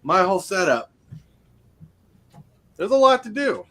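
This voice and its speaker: A man's voice: high voice, big pitch swings, a little slow, fairly bright tone. A man hosting a casual live stream, chatting in a rambling way with lots of restarts. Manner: rambling, restarts a lot, laughs at own jokes. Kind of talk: casual chat. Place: home streaming setup.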